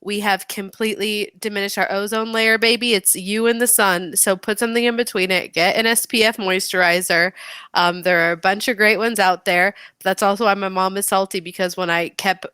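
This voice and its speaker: A young woman co-hosting a podcast, telling stories in a casual, profane, animated way. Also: medium pitch, a little fast, clear, resonant tone, no room sound. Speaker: podcast co-host. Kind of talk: casual chat.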